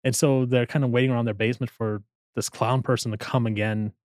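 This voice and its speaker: A man chatting casually and animatedly, slipping into quoted voices as he tells a story. His voice sits at an ordinary pitch and sounds close and dry, with no room around it. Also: level tone, fast talker, darkish tone, dry recording. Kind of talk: casual chat.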